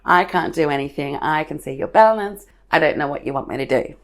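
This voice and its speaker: A woman voicing an unhelpful bank phone agent who sounds flat and dismissive. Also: low voice, brisk.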